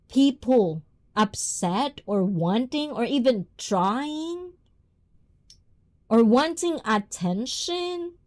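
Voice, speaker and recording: Here a non-native English-speaking woman talks bluntly on her livestream and reads comments from chat aloud. Her pitch is fairly high and her tone darkish.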